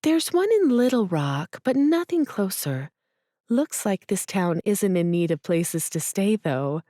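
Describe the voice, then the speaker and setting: A woman voicing Aaliyah, a young woman who gushes in an effusive, breathy way in a storybook audiobook. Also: sing-song, a little slow, mellow, no room sound, clean studio sound. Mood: gushing. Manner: high, effusive, breathy gushing. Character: young woman, gushing and starstruck.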